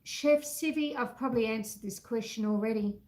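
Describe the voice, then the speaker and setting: A woman's voice: fairly high pitch, brisk, darkish tone, echoey room, poor audio. An Australian woman hosting a casual live-stream baking chat from her home kitchen. She is chatty and self-deprecating, and she reads viewers' messages aloud while she cooks.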